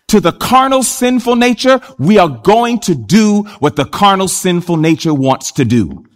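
Male pastor, sermon delivery, animated and engaging, high pitch. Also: normal speed. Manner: animated, addresses the congregation directly. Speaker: preacher.

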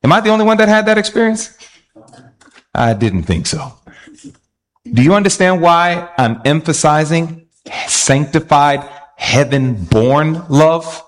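Male preacher, fairly high voice, animated sermon delivery with rhetorical questions. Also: normal speed, long pauses.

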